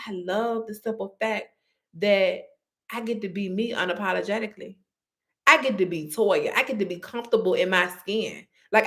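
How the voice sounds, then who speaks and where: A woman hosting a motivational faith podcast, talking in a lively, conversational way and calling listeners y'all and honey. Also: on the high side. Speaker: podcast host.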